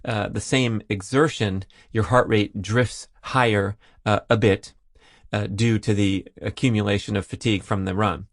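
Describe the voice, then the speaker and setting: A man's voice: on the low side, no echo, clean studio sound. A man hosting a solo podcast, explaining listener questions in an easy, conversational way with frequent "uh" fillers. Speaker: podcast host.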